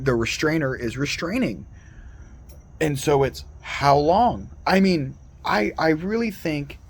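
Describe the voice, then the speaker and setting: A man giving a rambling, earnest solo monologue as a Christian video commentator, full of digressions and restarts. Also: a little high.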